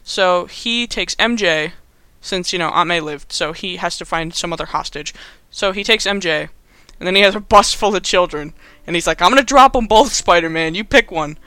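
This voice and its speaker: A man's voice: high voice, normal speed, sharp tone, clear, resonant tone, dry recording. A young man casually recapping a movie in a rambling, amused way, full of fillers. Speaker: host.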